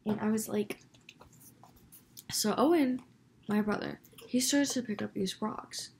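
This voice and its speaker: A woman's voice: medium pitch, measured pace, vocal fry, slight background noise. Young woman telling a dramatic story. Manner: animated, dramatic retelling with quoted dialogue. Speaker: vlogger. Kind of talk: storytime vlog.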